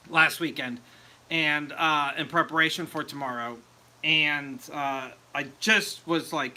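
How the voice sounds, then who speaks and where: A man's voice: a little high, bright, forceful tone, a little hiss or hum. A man hosting a casual home mead-making livestream, chatting loosely and laughing at himself as he answers viewers. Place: home meadery.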